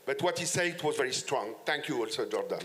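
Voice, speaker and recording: A man's voice: medium pitch, expressive, fairly quick, noisy background. Impassioned man with a French accent. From France. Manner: fervent, broken English with repeated restarts. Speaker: conference panelist. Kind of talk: impassioned panel speech.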